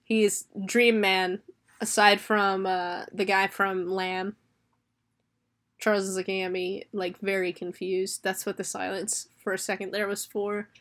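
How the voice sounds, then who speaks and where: A young woman co-hosting a casual movie review podcast, excitable and giggly, acting out characters' lines as she talks. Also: medium pitch, a little slow. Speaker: podcast co-host.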